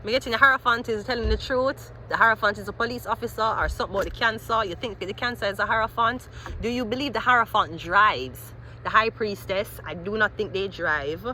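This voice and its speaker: A woman giving a rambling, animated tarot reading, thinking aloud as she turns cards. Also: medium pitch, fairly quick, slight background noise. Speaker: tarot reader.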